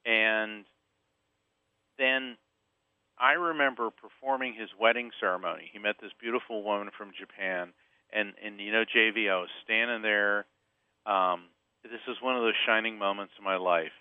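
A man from Central Florida tells a personal story as a guest, sounding tinny and narrow, as if over a phone line. His delivery is animated, with quick shifts as he acts out the voices of people in the story. The sound is close and dry. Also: lowish voice, clean tone, no echo. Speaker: guest author and medium. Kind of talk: storytelling interview.

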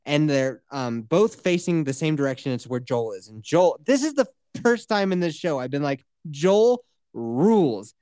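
A man's voice: fairly high pitch, moderate pace, few pauses, clean tone, no room sound, studio quality. A man hosting a podcast, casually recapping a TV episode with lots of swearing. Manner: animated, swearing storyteller. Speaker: podcast host.

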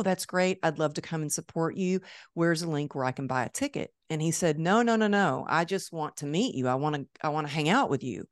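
A woman podcast host with a low voice tells a story in a conversational interview style. She is an animated storyteller who acts out the voices she quotes. The studio sound is clean, with no echo.

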